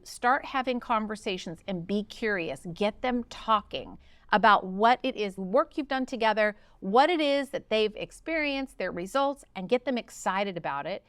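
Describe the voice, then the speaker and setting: A woman hosting a podcast, coaching in a casual, enthusiastic way and acting out little dialogues with big jumps in pitch. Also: no echo. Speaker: podcast host and practice coach.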